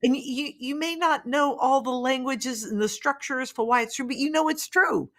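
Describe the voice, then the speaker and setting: A woman's voice: high-pitched, normal speed, fairly bright tone. A woman hosting a podcast interview, chatting casually and telling an anecdote with many fillers. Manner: conversational, many fillers and restarts, affirming. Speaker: podcast host.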